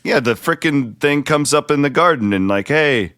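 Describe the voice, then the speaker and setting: A man's voice: on the high side, animated, normal speed, a bit bright, clear, resonant tone, dry recording. A man with a Midwestern American accent hosting a podcast, chatting casually in a jokey, rambling way that often breaks off mid-thought. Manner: chatty, jokey, self-interrupting. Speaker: podcast host. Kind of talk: casual chat.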